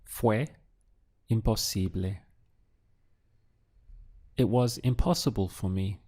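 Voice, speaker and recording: A man teaching a language lesson, asking the listener to translate phrases, pausing, then giving the answers and breaking words into syllables. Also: fairly low pitch, warm tone. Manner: poses prompts, pauses, then gives answers syllable by syllable. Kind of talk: slow, deliberate audio language lesson.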